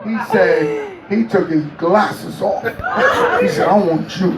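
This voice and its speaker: A man telling a story in an interview, animated and laughing often as he acts out what people said. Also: high-pitched, takes it slowly, echoey room, recorded from a distance, a loud crowd, very noisy. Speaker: interview guest.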